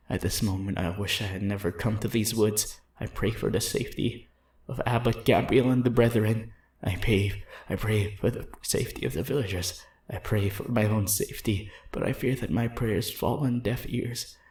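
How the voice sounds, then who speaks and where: A man voicing a terrified monk reading out his last journal entry in a slow, solemn, fearful way. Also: medium pitch, a little mellow, reverberant, pitched above the performer's own voice, lightly acted. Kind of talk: dramatic story reading.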